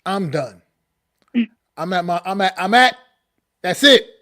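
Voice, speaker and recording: A man's voice: high voice, lively intonation, unhurried, sharp tone. A man co-hosting a sports podcast, talking slangy and disgusted, dropping "bro" and "man.". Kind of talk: casual sports talk.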